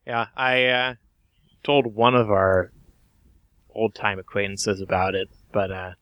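A man co-hosting a podcast in casual chat, mild and hesitant, filling pauses with uhs and small laughs. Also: fairly low pitch, little pitch movement, lo-fi sound. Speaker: podcast co-host.

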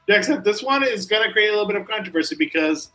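A lively man co-hosting a casual podcast, with a bright, forceful edge in his voice and a pitch that sits a little high. He is excitable and laughs often, throwing in quick asides. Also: faint music behind. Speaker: podcast co-host. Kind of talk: casual podcast chat about wrestling.

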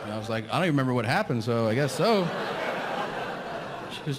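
A middle-aged man works a stand-up crowd, ranting through a story and playing out every line of the dialogue himself. His pitch jumps and swoops all over. The sound carries the long reverb of a big theater, with clear crowd noise behind him. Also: animated, quick pace, long pauses. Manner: ranting storyteller, acts out both sides of dialogues. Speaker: stand-up comedian. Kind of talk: stand-up comedy set. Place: large theater stage. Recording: live venue reverb with crowd. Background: audience laughter.

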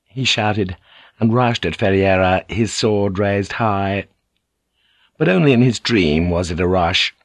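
A man narrates an audiobook with measured, dramatic pacing, his voice low and steady. The recording is close and completely dry, with no room echo. The reading is even and scripted.

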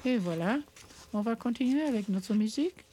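A woman co-hosting a radio show, reading community announcements in a measured, matter-of-fact way. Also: fairly high pitch, lively intonation, mellow, slightly rough. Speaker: radio co-host. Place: radio studio.

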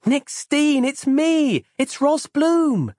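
A man voicing an anxious, determined young woman in an audiobook, calling out in high, strained cries. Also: sing-song, drawn-out words, darkish tone, breathy edge, no echo, clean studio sound, exaggerated voice. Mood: eager. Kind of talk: audiobook character voice.

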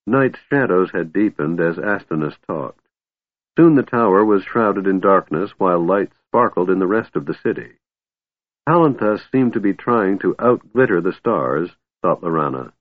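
A man reading a fantasy novel aloud in a steady, measured narration. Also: fairly low pitch, no echo. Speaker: audiobook narrator. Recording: narrow phone-like audio, dry.

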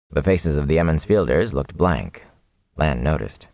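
Man, audiobook narrator, fantasy narration, deep voice, dry. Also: lively intonation, normal speed, a little mellow, no room sound, muffled recording.

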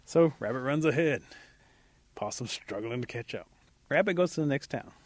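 A man's voice: medium pitch, expressive, moderate pace, no room sound. A man narrating a folk tale in a vivid, playful way, with sound effects. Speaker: storyteller. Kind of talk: animated folk-tale storytelling.

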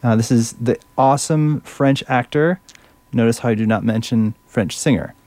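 A man's voice: medium pitch, moderate pace, darkish tone, no room sound. A male radio host chatting casually between songs, enthusiastic and fumbling a little over French words.

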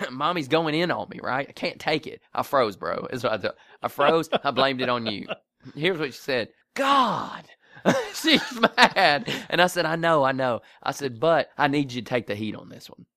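Clean studio sound with no room echo carries this podcast co-host's medium-pitched voice at a normal pace. He tells a lively story, doing the voices of its characters and laughing often.

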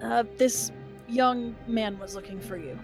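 A woman's voice: fairly high pitch, unhurried, music in the background. A woman player in a tabletop game, talking casually and a little hesitantly.

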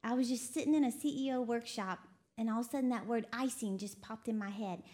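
A woman from Texas preaching a lively sermon, laughing often and quoting voices as she talks. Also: fairly high pitch, fast. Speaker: preacher co-hosting a broadcast. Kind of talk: sermon to a women's audience.

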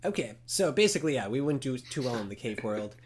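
A man's voice: mid-range voice, big pitch swings, fast talker, slight background noise. A young man co-hosting a casual movie podcast, who retells scenes with animation and acts them out. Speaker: podcast co-host. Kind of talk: casual movie review chat.

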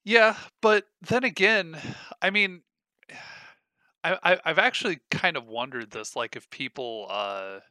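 Bright-voiced rambling young co-host. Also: male voice, on the high side, expressive, no room sound. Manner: rambling, halting, many restarts. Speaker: podcast co-host. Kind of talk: casual podcast chat.

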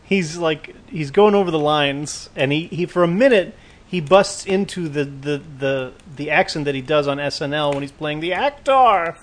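Man, slightly higher voice, chatty podcast co-host, quick to laugh. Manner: chatty, laughs often, chimes in. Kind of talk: casual recap chat.

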